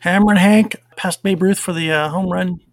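A man's voice: high voice, steady tone, normal speed, dry recording. A middle-aged man co-hosting a podcast, chatting casually and rambling with fillers. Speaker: podcast co-host. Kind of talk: casual chat.

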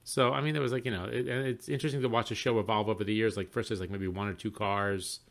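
A middle-aged man co-hosting a podcast, chatting casually and telling stories with lively exclamations. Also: on the low side, fast, gravelly. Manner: animated storyteller, exclaims often. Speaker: podcast co-host. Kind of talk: casual chat.

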